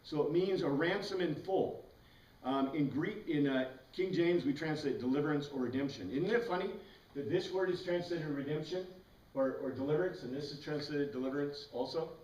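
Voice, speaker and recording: A man's voice: on the high side, moderate pace, a little mellow, muffled recording. A man teaching a Bible class, explaining words patiently, spelling some out letter by letter, with enthusiastic asides. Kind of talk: classroom lecture. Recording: roomy echo, mic far away.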